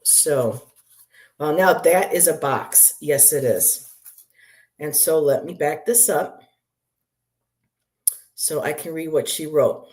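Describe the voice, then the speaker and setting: A woman's voice: a bass voice, slow pace, long pauses, darkish tone. A woman who reads tarot, chatting casually on a livestream and greeting viewers with easy laughter. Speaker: tarot reader.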